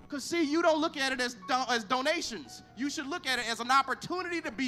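High-voiced, bright preacher man. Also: brisk, hardly any pauses, faint music behind. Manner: animated, acts out both sides of conversations, emphatic. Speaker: pastor. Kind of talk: storytelling sermon.

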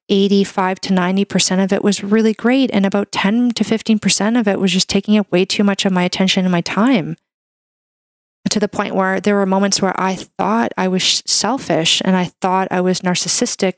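A woman's voice: medium pitch, no echo, clean studio sound. A woman hosting a wellness podcast, talking in a heartfelt, encouraging way and filling her speech with "like" and "you know". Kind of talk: casual monologue.

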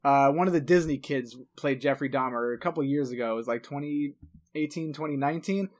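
A man's voice: mid-range voice, fairly quick. A man from Long Island co-hosting a casual podcast chat, rambling, stuttering and swearing as he talks. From New York, Long Island. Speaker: podcast co-host.

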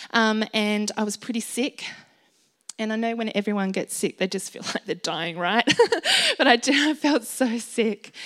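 A middle-aged woman preaching a sermon in an earnest, conversational way, often asking the listeners questions. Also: a little high.

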